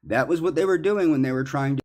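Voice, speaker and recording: A man in a ranting monologue, accusatory and indignant, halting with fillers. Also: on the high side, darkish tone. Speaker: commentary subject in clips.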